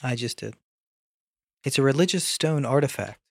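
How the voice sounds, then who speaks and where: A man's voice: mid-range voice, moderate pace, vocal fry, fairly bright tone, dry recording, clean studio sound. Man reading out a definition. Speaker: co-host. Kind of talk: casual chat and reading a definition.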